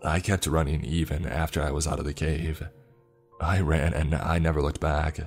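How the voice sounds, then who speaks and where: A man narrating a scripted horror story in a steady, measured telling, over faint music. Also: extremely low pitch.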